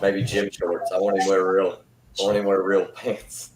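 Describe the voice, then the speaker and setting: A man's voice: deep voice, moderate pace. Laughing man host in a roomy room. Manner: animated, laughing, teasing. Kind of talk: casual chat. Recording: roomy call audio with faint noise.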